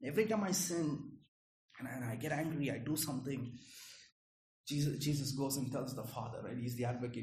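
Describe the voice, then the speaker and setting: A man's voice: medium pitch, fairly quick, a little mellow, slight background noise. Earnest male preacher in an echoey room. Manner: earnest, questions the audience, repeats words. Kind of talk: sermon.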